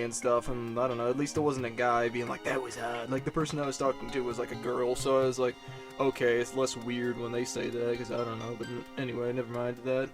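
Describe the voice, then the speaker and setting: Young man from Illinois, casual vlog Q&A, rambling and profane, mid pitch, music underneath. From Illinois, USA. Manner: rambling, profane, self-deprecating, lots of fillers. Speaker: YouTuber answering viewer questions. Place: dark room, alone.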